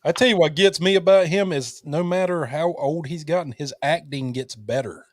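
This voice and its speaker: A man's voice: on the high side, moderate pace, no echo, clean studio sound. A man hosting a podcast, chatting casually with his guest and sharing his own experiences. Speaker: podcast host. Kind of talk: casual interview chat.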